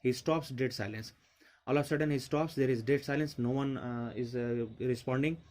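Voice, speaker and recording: A man's voice: mid-range voice, steady tone, normal speed, a little mellow. A male teacher with an Indian accent explaining a play line by line, restating each line in simpler words. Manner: explains each line, mixes in Hindi asides. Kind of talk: line-by-line literature lesson.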